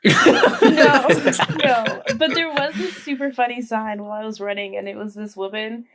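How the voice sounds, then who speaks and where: A woman's voice: on the high side, moderate pace, background noise. A woman in her twenties, a podcast guest, chatting casually and telling stories with lots of laughter. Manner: lively, laughing storyteller. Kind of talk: casual chat.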